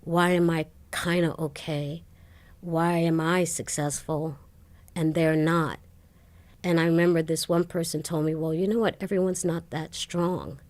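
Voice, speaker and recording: A middle-aged woman being interviewed, telling her life story with animated retellings of dialogue and frequent laughter. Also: low voice, a little slow. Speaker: interview guest.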